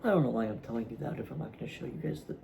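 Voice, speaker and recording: A man hosting his own vlog, talking casually to camera from a room at home, halting and rambling with many fillers and restarts, yawning at times. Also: medium pitch, lively intonation, gravelly, mellow, a little hiss or hum, rough recording. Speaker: vlog host.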